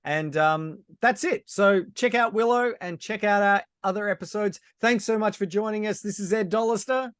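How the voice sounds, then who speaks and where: A male podcast co-host with a somewhat high voice, chatty and quick with wry asides. The sound is close and dry. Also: fairly bright tone, clean tone, dry recording. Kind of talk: casual chat.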